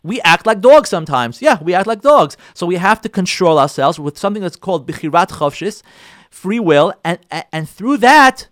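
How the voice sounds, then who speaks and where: A man's voice: high voice, fairly bright tone, dry recording, clean studio sound. A man, a rabbi, giving an emphatic, repetitive talk on letting go in marriage, acting out spouses' quarrels. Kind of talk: sermon-style talk on relationships.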